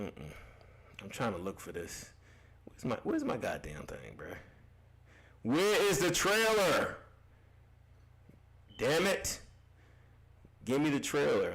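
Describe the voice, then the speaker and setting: A man's voice: on the low side, sing-song, takes it slowly, gravelly, long pauses, fairly bright tone. A young man hosting a casual gaming livestream, reading chat comments aloud, loose and profane, laughing often and repeating himself.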